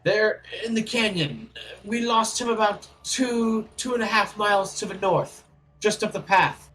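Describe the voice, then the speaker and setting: A man voicing a fussy, pompous male dwarf wizard who speaks formally and breaks into panicked shouting. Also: high voice, measured pace, soft background music, pitched above the performer's own voice, rough recording.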